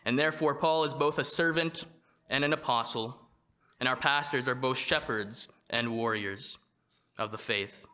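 A man preaching a sermon, reading from a prepared text in a measured way and slowing down to stress quoted verses. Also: medium pitch, sharp tone. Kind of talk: read sermon.

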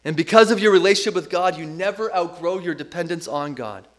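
A man's voice: high-pitched, brisk, fairly bright tone. A middle-aged man preaching a sermon as pastor, earnest and emphatic, leaning on repetition.

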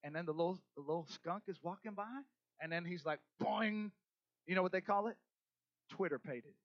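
Animated high-voiced male pastor. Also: quick pace, dry recording, highs cut off. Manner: animated, swinging between loud emphasis and soft asides. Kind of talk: sermon.

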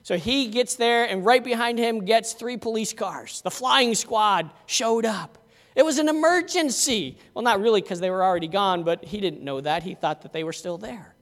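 A man's voice: high voice, normal speed, a bit bright. A man preaching a conversational sermon as pastor, telling stories in a folksy way. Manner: folksy storytelling. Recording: long hall reverb.

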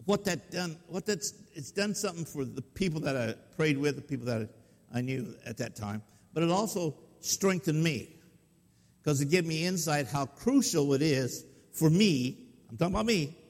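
A man's voice: a little high, expressive, normal speed, a little mellow. A male pastor telling a story in a sermon, folksy and conversational, often putting questions to his listeners. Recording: long reverb of a hall.

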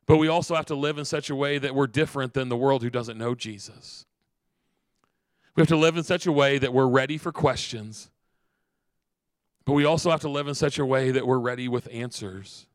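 A man pastor giving an earnest sermon, repeating phrases and slowing down for emphasis. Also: medium pitch, dry recording.

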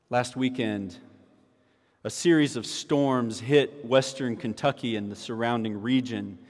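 A man preaching a sermon with emphatic repetition of key lines. His voice sits at a middle pitch and rings out with a long hall reverb, as in a church sanctuary. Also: measured pace, darkish tone. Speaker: pastor.

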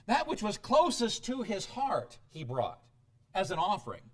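A middle-aged man preaching a sermon, animated, with sudden loud outbursts and quiet asides. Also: sits high, moderate pace. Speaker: pastor.

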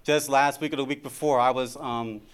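A man's voice: medium pitch, steady tone, normal speed, clear, resonant tone. A middle-aged man giving an informal sermon about marriage, talking conversationally and often repeating his words.

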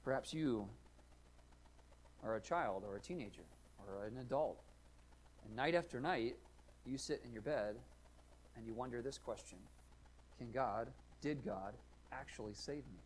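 A man preaching a sermon, earnest and questioning, rising and falling in loudness to stress his points. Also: medium pitch, measured pace, pauses often, a little hiss or hum. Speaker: pastor.

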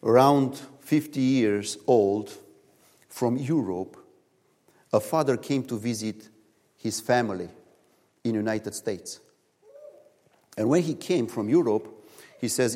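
A man preaching a sermon in a church, telling stories in animated, non-native English, recorded in a reverberant hall. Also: mid-range voice, slow, pauses often. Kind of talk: sermon with storytelling.

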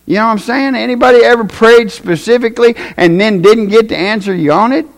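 A man with a Tennessee accent preaching a folksy sermon, swinging from shouted passages to quiet asides. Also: high voice, fairly quick, creaky, few pauses.

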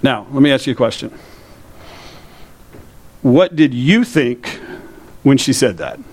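A man's voice: mid-range voice, lively intonation, unhurried, a little mellow, slightly rough. A man preaching a sermon to his congregation in a church, in a conversational way, often asking the listeners questions. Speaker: pastor.

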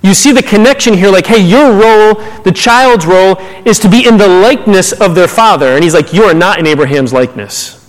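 A male pastor with a high voice delivers a lively, conversational sermon, slipping into casual paraphrases of scripture. The sound carries a long reverb from a large church hall. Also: fairly quick, few pauses.

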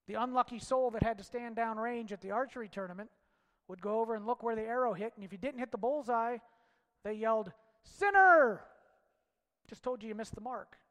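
A man preaches with a high voice and fiery conviction, rising to shouts and dropping to near-hushed lines. His words ring out with a long hall reverb around them. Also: steady tone, fast talker. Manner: impassioned, swings from loud shouts to hushed low lines. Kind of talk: sermon.

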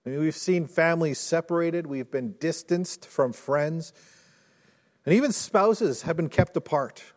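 A male pastor preaching a sermon in earnest, rising to intense storytelling and dropping low and soft. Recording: long hall reverb.

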